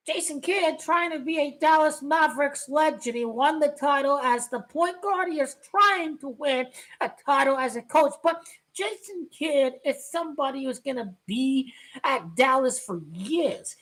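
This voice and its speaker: This woman is a sports vlogger whose basketball rant is loud and excitable, with frequent shouting and repetition. She has a high voice and doesn't hurry.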